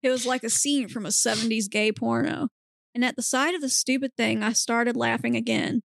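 Woman host, narrator; higher voice with vocal fry, dry close mic. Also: steady tone, normal speed, dry recording. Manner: straight-faced narration, breaks into giggles. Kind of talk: comedic reading of erotic fiction.

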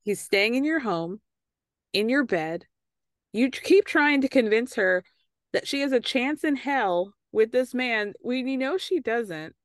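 A woman's voice: on the high side, lively intonation, a little slow, dry recording, studio quality. A woman hosting a podcast, recapping a reality show in a casual, snarky way that is full of swearing and laughter. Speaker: podcast host.

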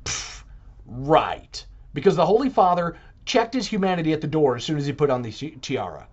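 A man talking in a casual podcast monologue, animated and putting on mock voices when he quotes others. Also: fairly high pitch, brisk, dull audio. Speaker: Catholic podcaster.

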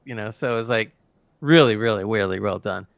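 A man's voice: on the low side, fairly quick, gravelly, no echo. A man co-hosting a podcast, chatting casually and enthusiastically about an episode, often restarting his sentences. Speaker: podcast co-host. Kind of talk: casual review chat.

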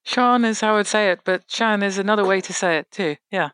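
Male author guest, reflective and measured, dry close mic. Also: high voice, fairly even intonation, fairly bright tone, clean tone, no echo. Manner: thoughtful, measured, pauses mid-phrase. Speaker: novelist guest. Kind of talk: interview about his novel.

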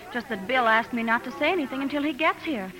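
A proud young widowed mother who keeps a cool, wounded dignity. Her tone is bright and slightly high. The sound is a scratchy old radio broadcast. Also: expressive, fast. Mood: hurt. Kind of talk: 1940s radio acting.

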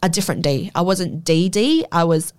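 A woman's voice: lowish voice, animated, moderate pace, a little mellow, clean tone. Candid Australian woman, loose and sweary. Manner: casual, swears freely, fills speech with "like". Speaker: interview guest. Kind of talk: candid personal storytelling.

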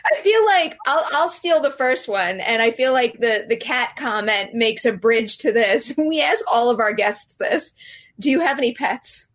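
A woman co-hosting a podcast, easygoing and warmly agreeing with her guest. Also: on the high side, animated, unhurried. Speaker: podcast co-host. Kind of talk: casual chat.

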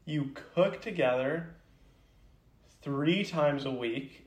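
A man's voice: a little high, slow pace, echoey room. A man co-hosting a casual podcast chat, playful and teasing, rambling through made-up scenarios. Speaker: podcast co-host.

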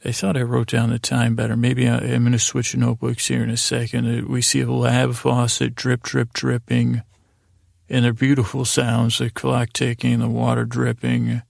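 A man's voice: medium pitch, monotone, moderate pace, vocal fry, darkish tone, no echo, studio quality. A man hosting a sleep podcast, retelling a story in a meandering, casual way with asides and self-corrections. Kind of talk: rambling bedtime story recap.

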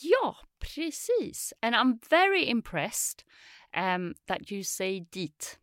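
A woman's voice: fairly high pitch, big pitch swings, slow, a bit bright, dry recording, studio quality. Woman teaching a lesson. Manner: patient, explanatory, playful. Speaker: Swedish teacher. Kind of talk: language lesson chat.

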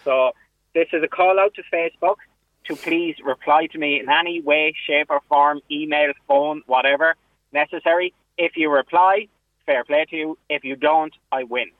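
A man speaks over a tinny, phone-like line, his voice sitting a little higher than most men's. He rambles in a self-mocking way and often restarts his sentences. The sound is dry and close. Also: steady tone, normal speed, dry recording. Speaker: comedian on a phone-in. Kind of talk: casual radio phone interview.

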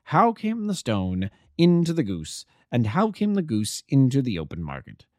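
A man voicing a cool, stern male detective who speaks low and measured. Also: huge pitch swings, dry recording, clean studio sound.

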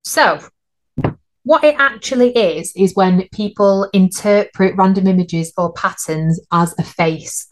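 A woman's voice: medium pitch, a little slow. A woman, co-hosting a podcast in casual chat and laughing at her own slips. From United Kingdom. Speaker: podcast co-host.

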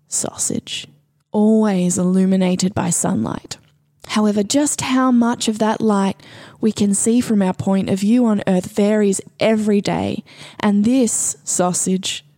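Woman putting on a hushed witch-goddess prophet voice. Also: mid-range voice, no echo, clean studio sound. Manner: slow, hushed, portentous reading. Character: solemn mystical female witch-goddess prophet.

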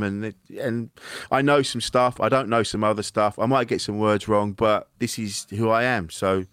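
Low-voiced man, blunt casual chat. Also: fairly even intonation, moderate pace, fairly bright tone, clear, resonant tone, dry recording. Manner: blunt, swears, laughs often. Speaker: comedian podcast host. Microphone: remote call.

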